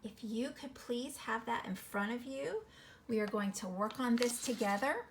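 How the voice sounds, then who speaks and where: A woman teaching a phonics lesson to children, encouraging and sounding words out slowly syllable by syllable. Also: on the high side, slight background noise. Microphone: recorded video lesson.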